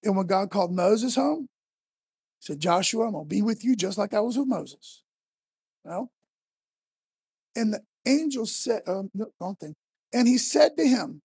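A man preaching a casual, conversational sermon, building emphatically to near-shouts when he quotes scripture figures. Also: sits high, lively intonation, normal speed, gravelly, husky, no echo, studio quality.

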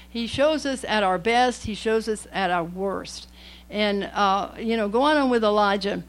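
A woman's voice: fairly high pitch, rough recording. A woman preaching a sermon in a folksy, emphatic way, often rambling and restarting her sentences.

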